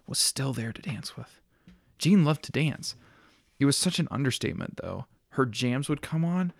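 A man reading a story aloud in a steady, plain narrating style. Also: mid-range voice, creaky, no room sound, studio quality.

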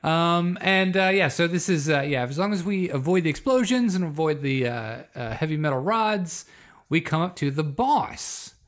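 A man hosting a casual chat about a video game, animated and laughing often. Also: on the high side, normal speed.

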